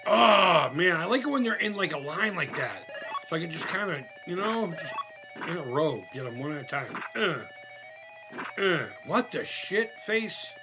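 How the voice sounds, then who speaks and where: A man's voice: on the high side, moderate pace, music in the background. A man chatting casually during a live retro game stream, swearing often and laughing at himself. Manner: profane, laughing, excitable. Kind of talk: casual live gameplay chat.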